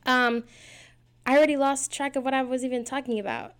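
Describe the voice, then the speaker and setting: A chatty woman in her twenties hosts her own podcast from a small home setup. She rambles, jokes at her own expense and talks quickly. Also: high voice, fairly even intonation, clean tone. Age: 20s. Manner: chatty, rambling, self-deprecating, fast-talking. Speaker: podcast host. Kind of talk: casual solo podcast chat.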